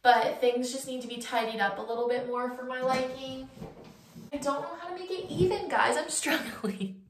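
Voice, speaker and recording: A young woman with a lilt talks to her viewers as she tidies her home, chatty and unfiltered. Her voice sits a little high, and the room around her is echoey, with a faint noise underneath. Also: moderate pace. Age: young adult. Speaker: lifestyle vlogger. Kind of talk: casual cleaning vlog chat. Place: home, bathroom and closet.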